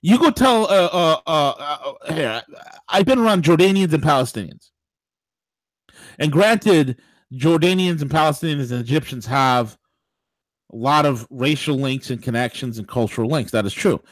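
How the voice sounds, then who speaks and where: A man hosting a political talk show, speaking in an animated, digressive way with laughing asides. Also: a little high, moderate pace, no echo. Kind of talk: political talk radio commentary.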